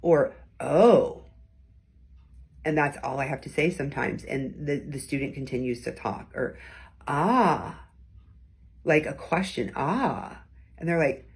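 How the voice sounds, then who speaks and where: Husky-voiced woman coaching on communication. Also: a bass voice, steady tone, fairly quick. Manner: demonstrates different tones of voice; conversational, encouraging. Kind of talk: teaching talk to camera.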